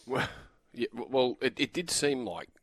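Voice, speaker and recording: A man's voice: mid-range voice, animated, moderate pace, fairly bright tone, dry recording. An Australian man co-hosting a sports radio show in casual chat, often repeating words as he starts sentences. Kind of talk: casual studio banter.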